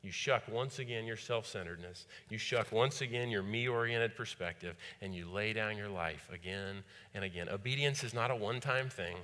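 Bright-voiced male pastor preaching. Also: on the low side, moderate pace, few pauses. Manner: repetitive, rhetorical questions to the congregation. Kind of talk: sermon. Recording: long hall reverb.

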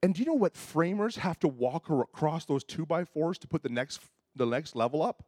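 Pastor in his fifties, comic self-deprecating storyteller, a little high-pitched, close and dry. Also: animated, brisk, darkish tone, dry recording. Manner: self-deprecating, humorous, acts out quoted voices. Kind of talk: storytelling sermon.

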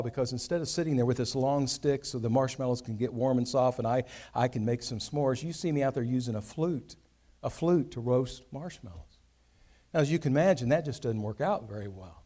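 A man's voice: on the high side, a little mellow. A man giving an earnest, conversational Bible teaching with vivid everyday examples. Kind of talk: sermon.

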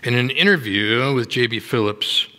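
A man preaching a sermon in a church, slow and deliberate, giving dramatic readings of scripture. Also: mid-range voice, sharp tone. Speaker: pastor. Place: church sanctuary. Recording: long hall reverb.

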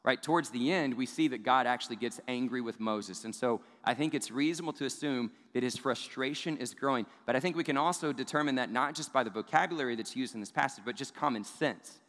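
A male pastor delivering a sermon in a relaxed, conversational tone that keeps checking in with "right?". His voice sits at a middle pitch. A long hall reverb hangs behind him. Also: fast talker, few pauses. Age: adult parent of young children. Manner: conversational preaching with rhetorical "right?" asides.

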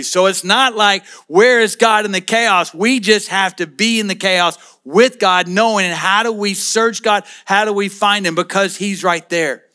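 A middle-aged man, a pastor, preaching a sermon in a relaxed conversational way with asides and jokes. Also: high voice, unhurried, few pauses.

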